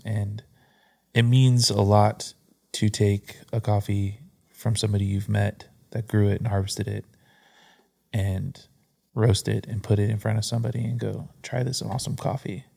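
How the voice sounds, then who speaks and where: A man's voice: fairly low pitch, level tone, normal speed, creaky, mellow. A man chatting casually as a guest on a podcast, telling stories about coffee and cocktails.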